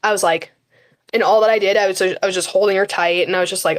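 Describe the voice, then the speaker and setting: A teenage girl chats as a podcast guest, with a voice of ordinary pitch for a woman. She peppers her talk with fillers and acts out what she says to her teammates. The delivery is loose and conversational. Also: steady tone, fast. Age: high school teen. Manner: chatty, frequent fillers and quoted self-talk. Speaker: guest, high school runner. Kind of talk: casual conversational interview.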